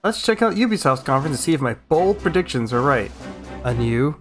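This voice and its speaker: A young man giving a sarcastic, comedic recap of gaming news, with excitable outbursts. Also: on the high side, brisk. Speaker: gaming YouTuber. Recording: music playing under the voice. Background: music.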